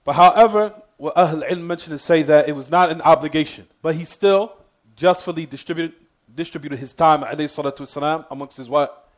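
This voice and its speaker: A man giving a religious lesson, quizzing his class with "what?" prompts and repeating key points. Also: fairly high pitch. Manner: reads Arabic quotations quickly. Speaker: Islamic teacher.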